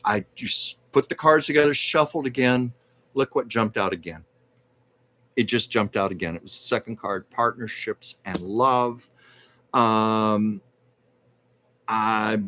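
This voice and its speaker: Lowish-voiced man hosting a live card reading. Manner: measured and reassuring, with frequent hesitations. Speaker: live stream host giving card readings. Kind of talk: casual live stream chat.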